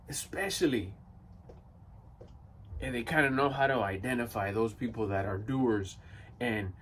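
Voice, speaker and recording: Blunt, animated man giving motivation. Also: medium pitch, breathy edge, far from the mic. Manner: blunt, emphatic, rhetorical. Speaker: motivational vlogger. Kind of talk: motivational monologue.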